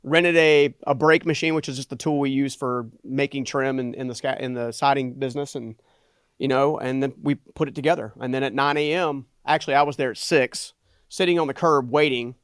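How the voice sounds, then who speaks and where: A middle-aged man, a guest on a podcast, telling a personal story in an animated way and often adding "right?" for emphasis. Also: medium pitch, brisk, clean tone, dry recording, studio quality. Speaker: guest, entrepreneur and motivational speaker.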